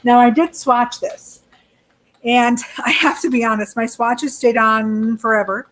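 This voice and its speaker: A woman's voice: on the high side, fairly even intonation, a little slow, fairly bright tone. A woman co-hosting a casual beauty review, chatty, laughing often and swearing freely. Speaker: beauty channel co-host. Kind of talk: casual chat product review.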